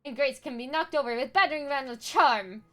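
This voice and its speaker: A woman's voice: high voice, fairly quick, bright, forceful tone. Lady doing a big jolly mercenary guy, broken grammar, talks about himself by name, bit of music behind. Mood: jovial. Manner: jovial and swaggering. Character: boastful burly male mercenary with broken speech.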